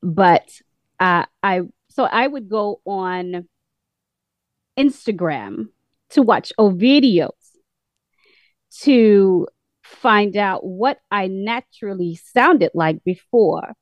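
A woman with a British-sounding accent, a caller giving a measured, earnest testimony on a call-in program. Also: mid-range voice, lively intonation, no room sound. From United States.

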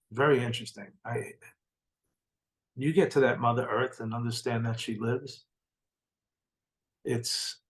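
A man's voice: mid-range voice, rough recording. Earnest middle-aged man telling his story. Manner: earnest and heartfelt, repeats words for emphasis. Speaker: interview guest. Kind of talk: personal storytelling in conversation.

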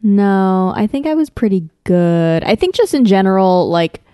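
A woman's voice: medium pitch, big pitch swings, a little slow, warm tone, clean tone, no room sound, clean studio sound. A woman co-hosting a podcast in easygoing casual chat.

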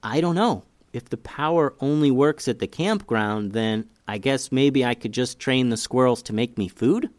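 A man's voice: mid-range voice, moderate pace, hardly any pauses, dry recording, lightly acted. A man voicing a clever little girl who teases her brother in a matter-of-fact way, in a children's story. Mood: musing.

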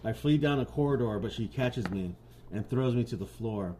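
A man's voice: medium pitch, lively intonation, moderate pace, mellow, slight background noise. A man co-hosting a podcast, joking crudely and reading stories aloud. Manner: crude, joking, laughs a lot. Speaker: podcast co-host.

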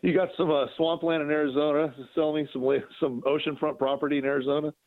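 A man calling in to a sports radio show, laughing and ranting in halting, exasperated bursts. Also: a little high, flat delivery, no echo. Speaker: caller. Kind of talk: call-in radio rant. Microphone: phone. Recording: tinny phone line.

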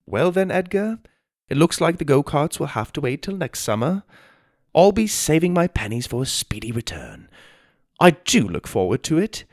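A man's voice: on the high side, sing-song, normal speed, a little mellow, no room sound, studio quality, pitched above the performer's own voice. A man voicing a polite young boy who speaks in a put-on British accent in a storybook reading. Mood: prim, polite. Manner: prim, courteous.

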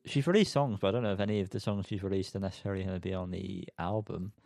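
A man's voice: sits low, very fast, creaky, a little mellow, no room sound, clean studio sound. A man hosting a casual music news podcast, chatty and self-mocking as he reads out the news. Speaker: podcast host.

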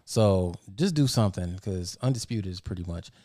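A man hosting a loose group podcast, talking in a fairly low voice with a flat, weary ease. His delivery is blunt and full of swearing, as though the session has run long. The sound is dry and close on a podcast mic. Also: normal speed, dry recording. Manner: laid-back, profane, blunt. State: tired, low energy. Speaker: podcast host. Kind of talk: casual group podcast chat.

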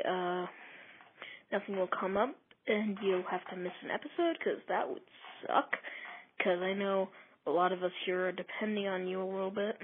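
A woman calling in to a podcast and leaving a rambling voicemail, hesitant and full of restarts. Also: mid-range voice. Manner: hesitant, lots of ums and restarts. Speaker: listener calling in. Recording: tinny phone line with faint hiss.

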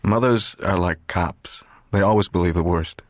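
In a dramatized audiobook, a man voices a cold, controlled young man, speaking low and evenly in a quiet, measured, detached way that feels calm and guarded. The voice sounds close to an everyday one, and the recording is dry and close with no room sound.

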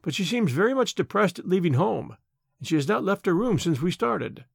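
A man's voice: high-pitched, sing-song, a little fast, vocal fry, breathy edge, no room sound, clean studio sound, full character voice. A man voicing a good-natured portly stewardess who speaks in a friendly, matter-of-fact way in an audiobook.

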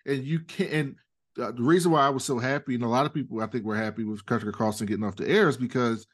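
A man co-hosting a podcast in casual chat, relaxed and hedging his points with frequent fillers. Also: medium pitch, fast talker. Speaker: podcast co-host.

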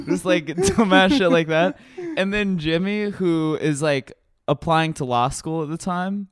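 A man's voice: a little high, animated, clear, resonant tone, no room sound, clean studio sound. A man co-hosting a casual chat, rambling and laughing as he retells scenes. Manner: rambling, laughing, quick retellings with put-on quotes.

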